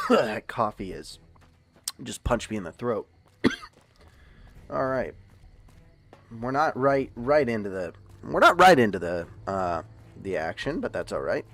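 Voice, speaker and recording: A man's voice: on the low side, sing-song, slow pace, pauses often, a bit bright. A man casually chatting to his viewers as a game streamer, rambling with lots of fillers and restarts. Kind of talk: casual livestream chat.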